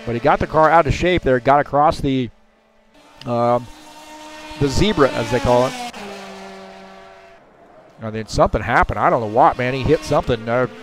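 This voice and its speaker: A man's voice: medium pitch, moderate pace, pauses often, a little hiss or hum. A man giving casual, chatty commentary on a sim race, with lots of fillers.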